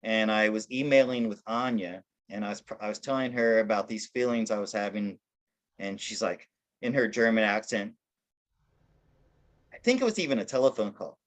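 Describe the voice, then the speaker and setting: In a casual interview, a man rambles through his life story, restarting and correcting himself constantly. His mid-range, fairly bright voice moves at a moderate pace, and he's self-deprecating, often laughing at himself.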